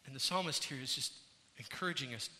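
Pastor, male, earnest sermon delivery, sharp bright tone, reverberant hall sound. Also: mid-range voice, quick pace. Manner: earnest preaching, rising and falling in intensity. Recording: church hall with long reverb.

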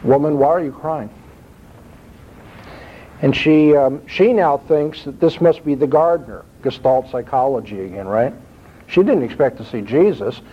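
A man's voice: medium pitch, moderate pace, slightly rough. Man preaching in a dull, lo-fi recording. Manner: expressive, rising emphasis when quoting scripture. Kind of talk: sermon.

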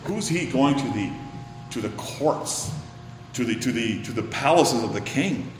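A man preaching a sermon, swinging from loud emphatic bursts to hushed, whispered lines. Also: medium pitch, animated, unhurried, a little hiss or hum. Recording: echoey hall, faint ambience.

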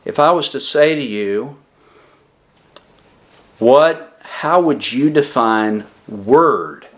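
A man preaching a sermon as a pastor, slow and deliberate, asking the congregation questions and answering them himself, with emphatic pauses on key words. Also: mid-range voice, expressive. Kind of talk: expository sermon.

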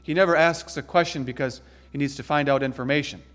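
A man's voice: on the high side, a bit bright, in a large hall. Emphatic, dramatic male preacher. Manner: emphatic, dramatic, swings between slow stresses and quick asides. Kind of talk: sermon.

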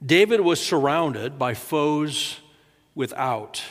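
A man's voice: measured pace, fairly bright tone. Conversational male pastor in a reverberant hall. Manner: conversational, repeats words, acts out quoted lines with rising pitch. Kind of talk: sermon. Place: church sanctuary.

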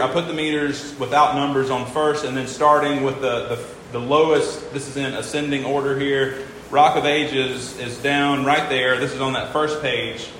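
A man's voice: mid-range voice, fairly bright tone. Male teacher, informal lecture, patient and repetitive, roomy hall with faint hum. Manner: patient, stops to count syllables aloud and repeats himself. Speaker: teacher explaining hymn meters.

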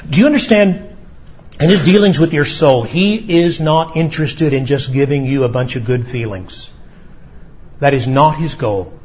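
Earnest preaching man, husky voice. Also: fairly high pitch, lo-fi sound. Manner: earnest preaching, acts out quoted dialogue, stammers on restarts. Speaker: pastor. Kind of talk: sermon. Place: church sanctuary.

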